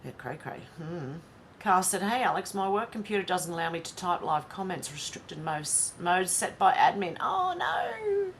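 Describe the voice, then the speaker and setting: A woman's voice: lowish voice, moderate pace, a little hiss or hum. A woman from Australia with an Australian accent, hosting a live stream in a casual, chatty way, often laughing to herself as she reads out viewer comments. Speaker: livestream host.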